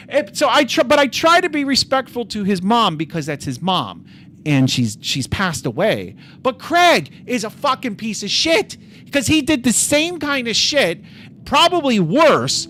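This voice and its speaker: A man's voice: very high-pitched, sing-song, normal speed, bright, forceful tone, slight background noise. A man streaming live, telling a rambling story with lots of fillers and swearing, then chatting about coding. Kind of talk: casual live-stream chat.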